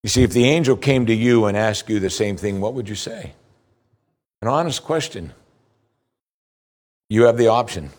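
A man preaching as pastor reads scripture slowly; as he pushes his points, his pitch lifts in lively rises.

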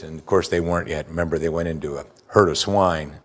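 A man preaching a sermon, reading scripture aloud and explaining it with emphatic rises and quiet low asides. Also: fairly even intonation, fast. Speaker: pastor.

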